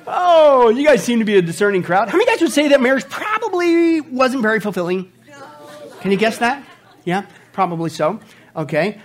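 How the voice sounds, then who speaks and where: Animated, husky preacher man. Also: extremely high pitch, fairly quick. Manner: animated storytelling, stammering restarts. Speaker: pastor. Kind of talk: sermon with jokes.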